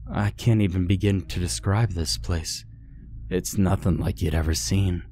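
A man's voice: fairly even intonation, a little slow, warm tone, slight background noise. A man voicing a sad, resigned ghost woman who speaks in a tired, heavy way. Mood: weary. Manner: tired, heavy, low-voiced.

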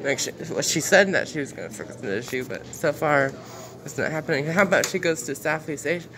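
A man's voice: fairly high pitch, expressive, fairly quick, crowd noise. A man giving casual commentary while reading news headlines aloud, exclaiming often and repeating himself in outrage. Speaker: commentary vlogger.

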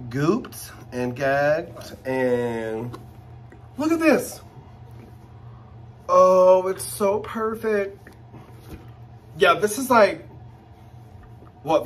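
A man chatting casually while unboxing luxury items, gushing and exclaiming with excitement. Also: medium pitch, a little hiss or hum.

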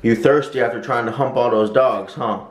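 A man's voice: medium pitch, normal speed, heavy background noise. A man vlogging casually while getting over an illness, talking playfully to his dog in a coaxing way. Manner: lively, playful coaxing talk to a pet.

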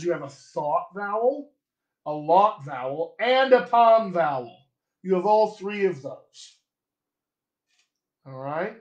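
A man with a General American accent, a dialect coach giving a chatty live accent lesson and repeating sample words slowly. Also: sits high, echoey room, highs cut off.

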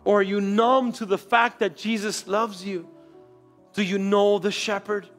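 A male pastor preaching a sermon in a church, telling a story with dramatic swings between quiet and loud. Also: high voice, level tone, a little slow, soft background music. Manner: storytelling, dramatic shifts in loudness.

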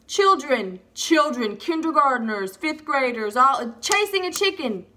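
A young woman tells a storytime on her vlog with lively, unfiltered energy. Her voice is bright and sits a little high. She swears casually throughout. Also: unhurried. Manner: animated, swears freely. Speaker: vlogger.

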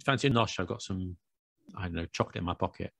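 A man's voice: deep voice, quick pace, vocal fry, fairly bright tone, no room sound, clean studio sound. A British man co-hosting a podcast in casual chat, playful and teasing, with self-mocking asides. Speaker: podcast co-host.

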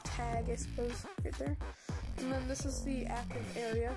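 A congested young woman talks through an unboxing and drawing demo in a loose, rambling way, full of fillers. Her voice sits a little high with a gravelly edge. Clear music plays behind her the whole time. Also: level tone, moderate pace. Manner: chatty, rambling, lots of fillers. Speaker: product reviewer. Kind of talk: casual product review and drawing demo.

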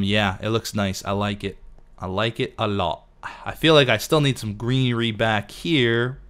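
This let's play host keeps up a chatty running commentary to himself as he builds and fiddles with details, despite a voice that's going. His pitch is on the low side, with a fairly bright tone.

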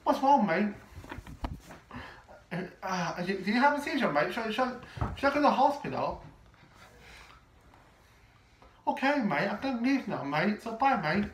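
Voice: medium pitch, sing-song, normal speed, natural voice. A performer voicing a pushy character who keeps calling everyone "mate" and stammers through restarts. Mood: pestering. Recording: echoey room, distant mic, faint noise.

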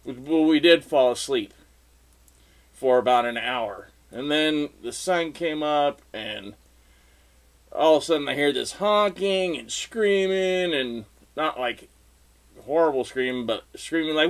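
A guitarist telling an unscripted story in a loose, rambling way, laughing often and acting out what people said. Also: male voice, fairly high pitch, animated, measured pace, pauses often, fairly bright tone.

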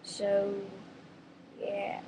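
A young-sounding speaker talking casually in a home video, rambling and halting with many pauses, before trying character voices. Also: female voice, medium pitch, completely flat delivery, noisy background. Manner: rambling, halting, full of ums.

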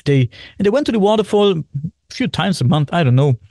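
A man, a podcast guest in casual chat, talking excitedly, repeating himself and swearing often. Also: sits high, brisk, no echo, studio quality. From Germany.

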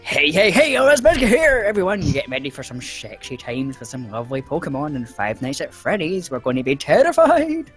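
A hyped-up male gamer host bounces through a showy greeting, as a man puts him on. The voice sits a little higher and louder than a plain chat voice, with a swooping, lively pitch. It comes through a voice chat headset. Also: fairly quick, few pauses, husky, faint music behind, exaggerated voice.

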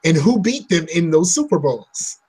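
Husky, high-voiced man chatting casually. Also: very animated, moderate pace, a little mellow. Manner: blunt, joking trash talk; rambling, restarting sentences. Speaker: podcast co-host. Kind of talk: casual chat.

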